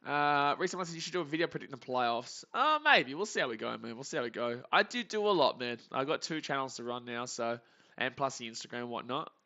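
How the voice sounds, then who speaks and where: A man hosting a live game reaction stream, chatty and prone to excited shouts. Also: medium pitch, quick pace, muffled recording. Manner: chatty, reads chat, bursts into excited shouts.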